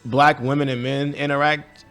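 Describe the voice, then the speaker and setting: A man co-hosting a podcast, reasoning his points aloud in an expressive way in casual chat. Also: medium pitch, moderate pace, soft background music. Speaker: podcast co-host.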